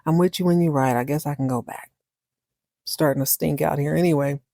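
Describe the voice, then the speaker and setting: Brief: a woman playing a weary, stubborn wife, low and dry. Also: steady tone, fairly quick, creaky, dark tone, dry recording. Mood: resigned.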